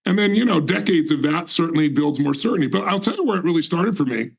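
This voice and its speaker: A man in his sixties with a gravelly, rough-edged voice that sits a little high for a man. He speaks as a guest in a motivational talk, intense and certain, pressing each point home. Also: lively intonation, fast, rough recording. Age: 60s. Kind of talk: motivational storytelling in conversation.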